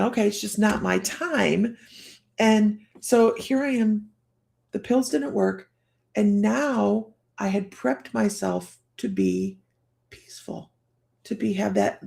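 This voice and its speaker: A woman psychic chats on her livestream in a heavily gravelly, fry-laden voice. She rambles through a personal story, restarting her sentences and laughing often. Her pitch sits in an ordinary middle range. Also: darkish tone. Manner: restarts and trails off while telling a story. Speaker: psychic host of a live stream.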